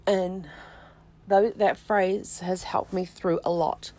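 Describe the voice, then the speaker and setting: A middle-aged woman hosting her own vlog, telling a personal story in a reflective, unhurried way, with halting restarts and soft "um"s. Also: lowish voice, fairly even intonation. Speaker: vlog host, family tree researcher.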